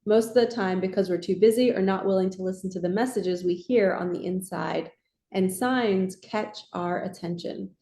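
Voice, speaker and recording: Card reader, female, soft and reassuring, mellow tone, echoey room. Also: mid-range voice, normal speed. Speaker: tarot and oracle card reader. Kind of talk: casual spiritual card reading.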